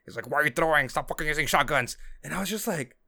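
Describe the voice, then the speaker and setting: A man's voice: fairly high pitch, lively intonation, quick pace, vocal fry, sharp tone. A man co-hosting a gaming podcast, telling a story in casual chat with lots of fillers. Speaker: podcast co-host.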